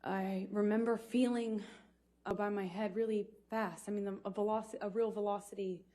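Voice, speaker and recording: A woman in her thirties giving halting, hesitant testimony on a courtroom witness stand, speaking into a stand microphone. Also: mid-range voice, level tone, mellow. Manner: halting, hesitant recounting with restarts. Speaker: trial witness.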